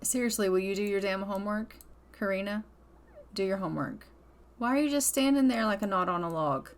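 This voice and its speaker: A woman's voice: medium pitch, fairly quick. A woman hosting a casual let's-play, exasperated and scolding her game characters, and speaking their thoughts aloud for them. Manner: voices characters' thoughts in quotes. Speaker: gaming channel host.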